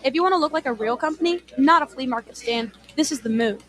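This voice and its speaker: A woman's voice: high voice, quick pace, a bit bright. A woman acting in a scripted radio ad dialogue, confident and persuasive. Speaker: ad voice actor.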